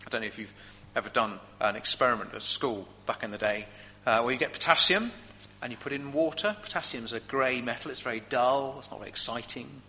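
A man preaching a sermon with animated storytelling, in a long hall reverb. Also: medium pitch, quick pace, a little hiss or hum. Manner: animated storytelling, vivid examples.

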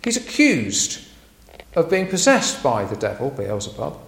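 A man preaching a sermon in a lively, emphatic way, with frequent ums. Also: medium pitch, a little slow, creaky. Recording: echoey room.

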